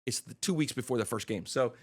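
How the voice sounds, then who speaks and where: A middle-aged man, a chiropractor guest on a podcast, telling stories in a casual, animated way and acting out the dialogue he recounts. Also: mid-range voice, fast talker, breathy edge. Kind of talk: casual storytelling interview.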